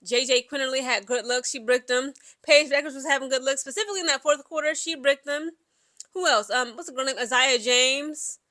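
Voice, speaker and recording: Bright, chatty woman recapping basketball. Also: high voice, fast, hardly any pauses. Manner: chatty, animated, lots of fillers and asides. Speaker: sports commentary vlogger. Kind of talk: casual sports recap chat.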